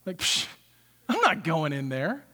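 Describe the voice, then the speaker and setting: A man's voice: fairly high pitch, very animated, unhurried, sharp tone, long reverb tail, voice pushed down, heavily acted. A man voicing a resentful, hardworking older son who complains indignantly.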